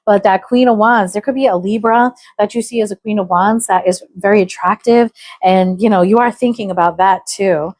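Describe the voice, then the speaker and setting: A woman's voice: medium pitch, fairly even intonation, moderate pace, darkish tone. An American woman doing a casual, chatty tarot reading, musing aloud with fillers. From United States. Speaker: tarot reader.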